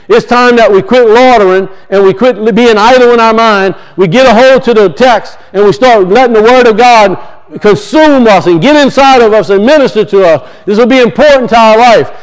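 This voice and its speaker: A man preaching an impassioned sermon in a church, repeating phrases and swinging between loud emphasis and quiet. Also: very high voice, a little fast, clean tone, rough recording. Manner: impassioned, repetitive, rising and falling emphasis.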